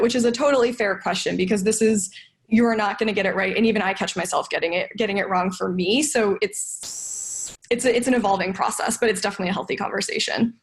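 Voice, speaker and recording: Young woman podcast guest, earnest and reflective, mid-pitched voice. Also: quick pace. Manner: thoughtful, earnest, many fillers and restarts. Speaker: podcast guest, sales development manager. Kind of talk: casual podcast conversation.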